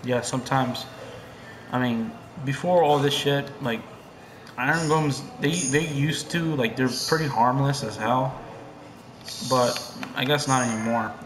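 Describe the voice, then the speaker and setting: A young man giving casual gameplay commentary, excitable and profane, swinging between hushed muttering and loud yelling. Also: medium pitch, measured pace, reverberant, a little hiss or hum. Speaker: gamer.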